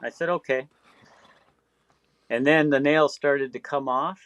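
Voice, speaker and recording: A man's voice: medium pitch, a little slow, smooth, dry recording. A man in his sixties telling stories in casual chat, swearing freely and acting out what people said. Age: 60s. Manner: profane, animated storyteller acting out quotes.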